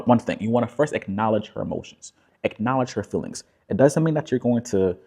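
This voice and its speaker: A man speaking as a relationship coach, talking calmly and directly to the viewer, often checking in with "right?". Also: on the low side, breathy edge. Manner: calm, repetitive, tag questions like "right?". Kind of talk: direct-to-camera coaching talk.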